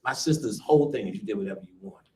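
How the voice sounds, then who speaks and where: A man's voice: mid-range voice, very fast, a little hiss or hum. Man, storyteller at a live talk, profane and laughing, roomy echo. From United States. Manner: profane, laughing, animated with quoted voices. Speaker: lecturer telling a family story. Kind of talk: casual storytelling to a live audience. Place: lecture room. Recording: roomy live lecture room.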